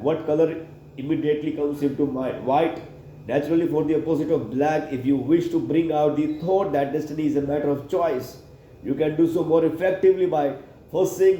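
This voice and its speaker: A man reads a public speaking manual aloud and stops now and then to add his own remarks. His voice sits slightly high yet sounds deep and mellow, and he often goes back to repeat or fix a word. The recording has a roomy echo with a faint hum underneath. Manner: deliberate, repeats and corrects words while reading. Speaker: reader practicing public speaking.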